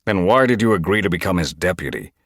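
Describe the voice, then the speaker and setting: A determined tomcat leader speaks firmly and insists on action, as a man reads him in an audiobook. His voice is husky and lively in pitch, recorded close and dry. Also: quick pace, no room sound. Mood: stern. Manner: firm, insistent. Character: stern male cat clan leader, determined. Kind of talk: audiobook character voice.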